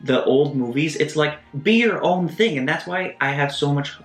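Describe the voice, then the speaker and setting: A man giving a casual video essay review of a film, animated, with quick asides and mock voices. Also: fairly high pitch. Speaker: movie reviewer. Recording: roomy echo, faint music behind.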